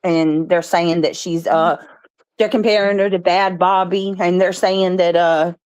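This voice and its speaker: A woman's voice: fairly low pitch, fairly even intonation, measured pace, a little mellow, clean tone. A middle-aged woman from Georgia, a mother speaking on a casual live panel, blunt and profane with an emphatic drawl.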